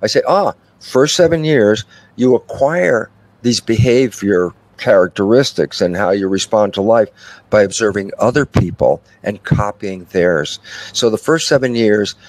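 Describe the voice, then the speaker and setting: An older man with a lowish voice speaks unhurriedly, and there's no room sound. In an interview, he explains his ideas expansively and conversationally, storytelling with animation and voicing both sides of little dialogues himself.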